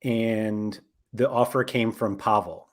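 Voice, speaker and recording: A man's voice: lowish voice, fairly even intonation, takes it slowly, slight background noise. A man hosting a casual podcast, talking in a rambling way with lots of fillers and self-corrections. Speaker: podcast host.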